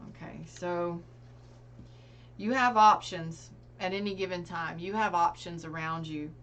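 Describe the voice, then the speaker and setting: A woman's voice: on the low side, a little slow, a bit bright. A woman giving a casual tarot reading, speaking earnestly and directly to her viewers. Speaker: tarot reader.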